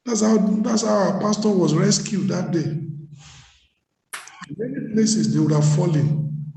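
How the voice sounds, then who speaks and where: Male pastor, high mellow voice, storytelling sermon with repeated phrases, recorded in a reverberant hall. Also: slow pace, vocal fry. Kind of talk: sermon at leadership workshop. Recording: echoey hall.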